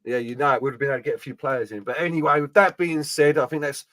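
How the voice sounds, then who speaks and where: A Welsh man hosting a casual football livestream, chatty and quick to laugh. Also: mid-range voice, a bit bright. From Wales. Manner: chatty, laughs often, banters. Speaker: host.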